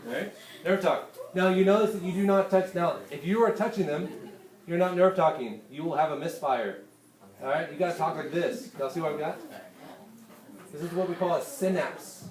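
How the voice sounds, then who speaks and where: A male teacher giving a lively, hands-on classroom lecture and speaking directly to his students. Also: fairly high pitch, moderate pace, reverberant.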